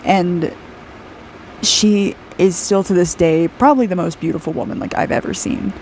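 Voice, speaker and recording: Speaking at a moderate pace in a low, darkish voice, this aura reader and artist is a woman in her twenties. She draws while giving a casual, intuitive aura reading, rambling, laughing a lot, and dropping "like" frequently, over slight background noise.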